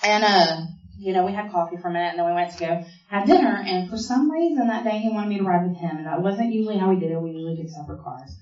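A woman's voice: fairly low pitch, fast, a little mellow. A woman shares her personal story as a testimony at a meeting. She talks in a storytelling way with lots of fillers and mimics the people in it. She is heard from a distance in a reverberant hall, and the sound is muffled. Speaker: speaker sharing a recovery story. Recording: echoey hall from far off, dull.

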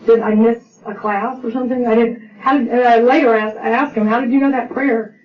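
A woman's voice: a little high, steady tone, brisk. Distant middle-aged woman giving heartfelt testimony. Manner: heartfelt storytelling, acts out quoted dialogue, many restarts. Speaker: recovery speaker sharing her story. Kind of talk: personal testimony. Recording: distant, dull lo-fi audio with faint noise.

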